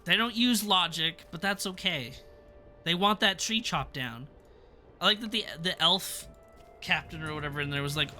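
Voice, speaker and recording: A young man talks his way through a TV episode on a live stream, rambling and cutting himself off as he goes. His voice sits a bit high and sounds very bright and forceful. Faint music plays underneath. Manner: rambling, self-interrupting, laughs often. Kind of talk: casual live-stream chat.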